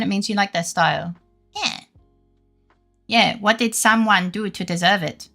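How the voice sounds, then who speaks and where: A young woman streamer talks in a loose, rambling way, swearing freely as she answers her chat. Her voice is bright with a gravelly fry, and faint game music plays under her words. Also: medium pitch, a little fast. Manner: rambling, chatty, swears freely, laughs often. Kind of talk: casual live-stream chat.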